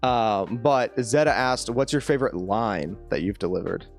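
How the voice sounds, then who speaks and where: Laid-back streamer with a lively, laughing voice. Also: mid-range voice, normal speed, soft background music. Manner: laughs a lot, relaxed, reads chat questions. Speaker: streamer host. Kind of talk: casual livestream chat.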